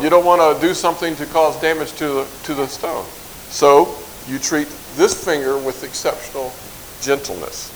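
A man teaching a Bible verse to a live group, light-hearted and joking, drawing out lists slowly as he recites. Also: a little high, slight background noise, low-quality recording. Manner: light-hearted, jokes and chuckles; slow, drawn-out recitation of lists. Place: in front of a group in a room.

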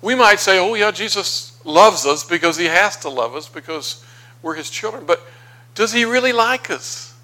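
A man preaching a sermon through scripture, conversational and unhurried, pausing on fillers as he thinks aloud. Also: high voice, lively intonation, pushed and bright, poor audio.

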